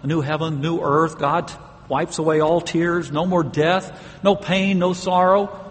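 A man's voice: on the high side, fairly even intonation, measured pace, in a large hall, slight background noise. A man preaching a sermon, earnest and emphatic, stressing key words and now and then laughing.

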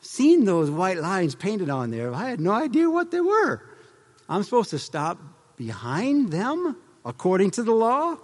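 A folksy old Southern driver who has never heard of the rules, as a man puts him on. He drawls in a high, lively voice. His words ring out with long hall reverb. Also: measured pace, heavily acted. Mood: bewildered. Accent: Southern US (put on). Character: clueless old country driver, male, folksy.

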